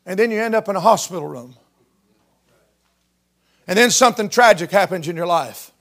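High-voiced fervent male preacher. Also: animated, moderate pace. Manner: fervent Southern-style preaching, rising to shouts. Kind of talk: sermon.

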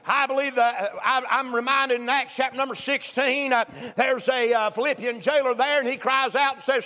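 A man preaches with a strikingly high, bright voice, his words laced with "uh" and rising into shouts. The sermon rings out through the long reverb of a church hall. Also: steady tone, normal speed. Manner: fervent, frequent "uh" fillers, bursts of shouting. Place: church sanctuary.

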